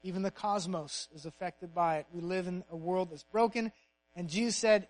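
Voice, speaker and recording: A male pastor preaching a sermon, punching key phrases and dropping to a soft, hushed voice in prayer. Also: high-pitched, fairly even intonation, normal speed, rough recording.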